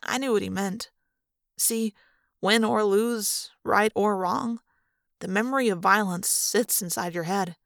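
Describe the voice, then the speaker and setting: Woman audiobook reader, earnest, subdued, gravelly, dry close mic. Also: mid-range voice, a little slow, a bit bright, no echo. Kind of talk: first-person audiobook narration.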